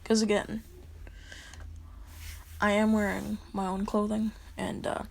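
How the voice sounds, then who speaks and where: A woman's voice: mid-range voice, level tone, slow pace, gravelly. A woman telling a casual self-insert story, rambling and chuckling between lines. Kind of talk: casual fan-fiction storytelling.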